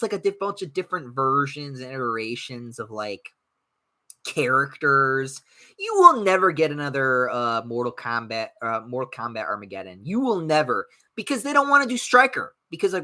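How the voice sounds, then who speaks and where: A man's voice: medium pitch, normal speed. A young man hosting a podcast, chatting casually and bluntly, swearing often and mocking people he disagrees with. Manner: blunt, profane, animated, mocks others in put-on voices. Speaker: podcast host reading live chat. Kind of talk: casual rambling chat.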